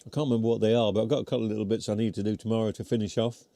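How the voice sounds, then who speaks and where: A man's voice: on the low side, level tone, very fast, creaky, dark tone, dry recording. A British man hosting a live stream, chatting casually while chewing, rambling and poking fun at himself, his voice getting worn. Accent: British English. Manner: rambling, chatty, self-deprecating. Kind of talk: casual live chat reading comments. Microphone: close mic near mouth.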